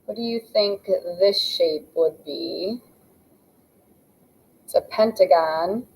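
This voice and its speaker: A woman's voice: on the low side, slow, vocal fry, a little mellow, slight background noise, rough recording. Patient woman teaching geometry. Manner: patient, explains step by step while drawing. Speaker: math teacher. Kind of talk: classroom lesson narration.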